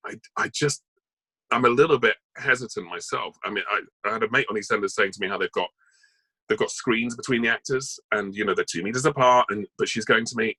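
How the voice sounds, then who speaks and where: Man, actor guest on a talk show, lowish voice, bright and forceful, chatty and rambling, dry close sound. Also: fast, breathy edge, no room sound, low-quality recording. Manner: chatty, rambling, full of asides. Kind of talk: casual interview chat.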